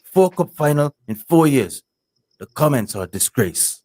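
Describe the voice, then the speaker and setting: A man's voice: on the high side, very animated, normal speed, mellow, no room sound. A man putting on an impression of a defensive middle-aged football manager, in clipped, indignant press-conference phrases. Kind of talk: impression in a sports talk show.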